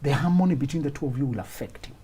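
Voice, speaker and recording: A man with a husky, mellow voice hosts a studio advice show. His pitch swings widely as he talks. He laughs often, acts out little scenes and repeats his points for emphasis. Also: lively intonation, rapid-fire. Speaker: relationship talk show host.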